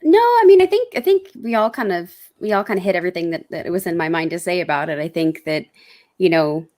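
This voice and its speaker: A woman co-hosting a movie podcast, hesitant and quick to laugh. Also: fairly low pitch, animated, darkish tone. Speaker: podcast co-host. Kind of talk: casual movie review chat.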